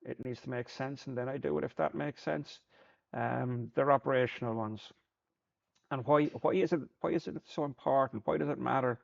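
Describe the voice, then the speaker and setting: A man's voice: medium pitch, normal speed, gravelly, dull audio. A man, a Paralympic sport shooter, talking through his thoughts in a plain-spoken reflective monologue, often repeating words as he thinks.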